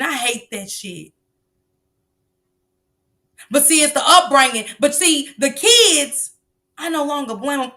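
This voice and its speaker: This middle-aged livestream host lectures on parenting in a casual, preachy manner, blunt and full of profanity. Her voice sits high and sounds a bit bright.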